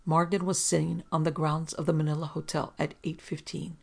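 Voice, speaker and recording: An audiobook narrator reading a detective story in a steady storytelling manner. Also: mid-range voice, normal speed, creaky. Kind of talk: scripted narration.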